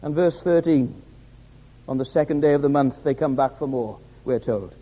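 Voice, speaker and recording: A man's voice: mid-range voice, normal speed, breathy edge. A man preaching a sermon in a church, stressing points by repeating his words. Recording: reverberant hall, dull lo-fi sound.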